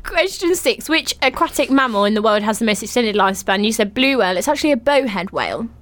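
A woman's voice: on the high side, lively intonation, fast, a bit bright, no echo. A young woman co-hosting a podcast, reading out quiz questions in casual chat and giggling helplessly. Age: young adult. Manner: giggly, breaks into fits of laughter. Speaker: podcast co-host.

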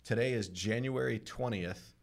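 A man hosting a podcast, upbeat and chatty, reading out statistics in a measured way. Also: medium pitch, vocal fry. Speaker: podcast host. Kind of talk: casual podcast conversation.

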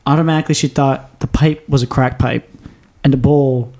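A man's voice: medium pitch, fairly even intonation, normal speed, a little mellow. A young man hosting a podcast, telling a long story in a rambling, profane, casual way with frequent laughs. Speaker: podcast host. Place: small home studio.

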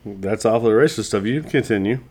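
A man chatting on a casual podcast, dropping deadpan jokes. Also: on the low side, a little fast, breathy edge. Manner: deadpan joker.

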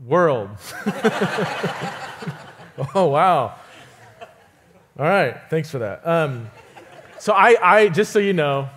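A man giving a sermon as a guest preacher in a church, telling stories in an animated way, acting out the quoted voices and chuckling often. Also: a little high, takes it slowly, long pauses, a little hiss or hum. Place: church auditorium.

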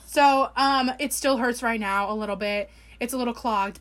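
A woman's voice: fairly high pitch, normal speed, fairly bright tone. A young woman co-hosting a podcast who tells a story in a chatty, wry way, with many fillers. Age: 20s. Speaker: podcast co-host. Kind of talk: casual chat.

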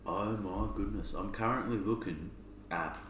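A man's voice: fairly low pitch, measured pace, a bit bright. An Australian man co-hosting a podcast, laid-back with dry jokes in casual banter. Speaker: podcast co-host. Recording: roomy, distant mic, faint hum.

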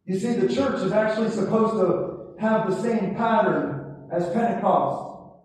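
A man's voice: high-pitched, expressive, a little slow, a little mellow. A man preaching a charismatic sermon with impassioned, repetitive exhortation and call-and-response. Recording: echoey hall, distant mic.

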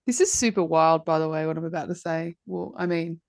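A woman's voice: low-pitched, brisk. A woman in her thirties, a podcast host, tells a personal story in casual talk with lots of fillers. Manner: animated storytelling, many fillers. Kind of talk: casual conversation.

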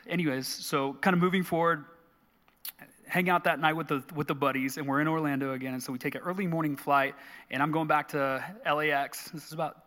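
An earnest man in his thirties tells a story with animated energy. His voice is bright and a little high for a man. A long hall reverb hangs on every word. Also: brisk. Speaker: guest. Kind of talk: storytelling in a live interview.

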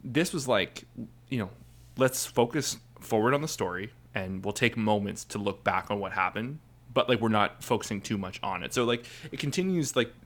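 This podcast co-host has a fairly low, bright-toned voice with lively intonation and a moderate pace. He chats loosely about an episode of an anime, often stumbling over fillers and starting sentences again.

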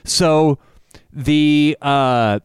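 Male co-host, casual sports banter, opinionated, clear voice, dry close sound. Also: drawn-out words, no echo. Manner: animated and opinionated, pitch jumps when fired up.

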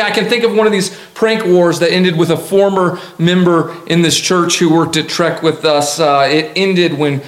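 Lively, humorous pastor in an echoey church. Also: male voice, on the high side. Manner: lively storytelling with humor and emphatic repetition. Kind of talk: sermon. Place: church sanctuary.

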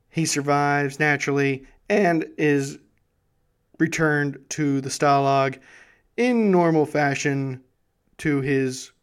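A man's voice: on the high side, clean tone. A man hosting a history show, telling the story in a casual, enthusiastic way. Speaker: history podcast host.

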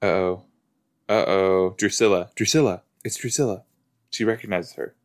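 A man's voice: sits low, normal speed. A man hosting a podcast, chatting casually while watching a TV episode, rambling with lots of "like" and "you know". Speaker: podcast host. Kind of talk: casual watch-along commentary.

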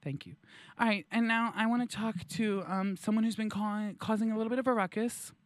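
A man's voice: high-pitched, brisk, no echo, pitched above the performer's own voice, lightly acted. A man playing a smug male empath in a comedy sketch, talking in a soothing, pleading, self-congratulating way.

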